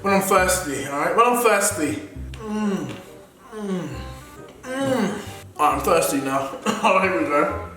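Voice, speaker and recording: A man's voice: sits high, lively intonation, slow pace, sharp tone, faint music behind. A young man vlogging a food challenge, groaning and exclaiming dramatically. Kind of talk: casual challenge vlog. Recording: echoey room.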